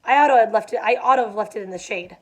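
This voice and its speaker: A woman's voice: a little high, racing, close to an everyday voice. Gatsby, a woman reading a reserved young man. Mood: restrained.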